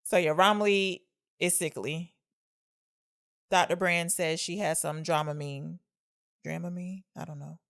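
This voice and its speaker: Low-voiced woman chatting about a movie. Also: steady tone, creaky. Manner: chatty, interrupts with quick questions and teasing asides. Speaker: podcast co-host. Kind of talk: casual film discussion.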